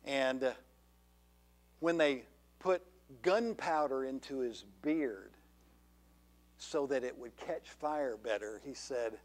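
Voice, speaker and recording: A man's voice: medium pitch, slow pace, pauses often. A man preaching a sermon as pastor, earnest and full of rhetorical questions to the congregation. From Georgia, USA. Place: church sanctuary.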